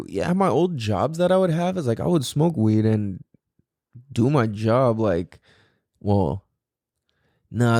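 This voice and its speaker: Man, podcast host, casual rant, lots of "like" and swearing, warm low-key tone, dry sound. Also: no room sound. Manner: animated, profane, rambling with many fillers.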